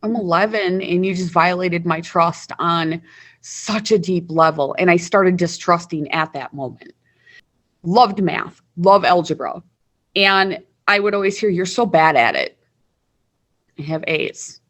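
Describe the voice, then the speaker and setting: A Wisconsin woman in her forties tells her life story candidly as an interview guest, in a conversational way, often repeating words when emotional. Her voice is fairly low and fairly bright, and she talks a little slowly.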